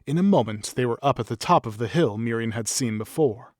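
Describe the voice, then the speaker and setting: A man's voice: mid-range voice, animated, fairly quick, no room sound, studio quality. A man steadily reading a fantasy story aloud as narrator. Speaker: audiobook narrator.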